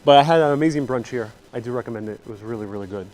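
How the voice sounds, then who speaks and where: Speaking very fast in a mid-range voice that's a little mellow, this man hosts a live walking-tour vlog on city streets. He's a travel vlogger who jokes and chats straight to his audience.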